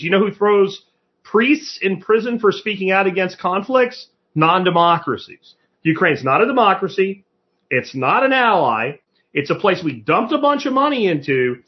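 A man hosting a podcast, delivering a blunt, profane and sarcastic political monologue full of rapid rhetorical questions. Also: high-pitched, dull audio. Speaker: podcast host.

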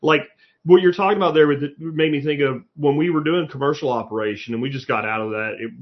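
A man in casual conversation, telling stories with lively energy and the odd curse word. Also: a little high, quick pace. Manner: animated storyteller, swears casually. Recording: slightly muffled lo-fi audio.

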